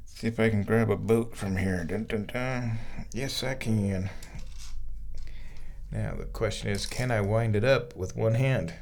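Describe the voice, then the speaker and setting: A man sits in a bathtub in his bathroom, chatting away to his cat in a loose, rambling monologue. His voice has a gravelly fry to it, and his tone turns playful and doting whenever he talks to the animal. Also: fairly low pitch, moderate pace, a little mellow.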